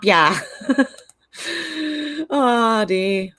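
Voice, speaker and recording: Hosting a relaxed livestream, this Australian woman reads out viewer comments and rambles on about how she feels about them. Her voice sits on the low side, bright in tone, and she takes her time.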